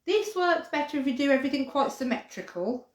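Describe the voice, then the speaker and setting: Lively woman teaching kids crafts. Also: sits high, a little fast, reverberant. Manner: chatty, animated, says dog barks playfully. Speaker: children's craft presenter. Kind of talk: live craft demonstration for children.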